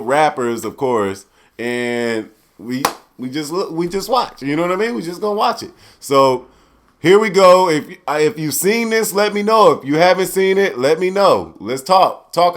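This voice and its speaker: A man hosting a podcast in laid-back, joking chat, laughing often and swearing freely. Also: a little high. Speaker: podcast host.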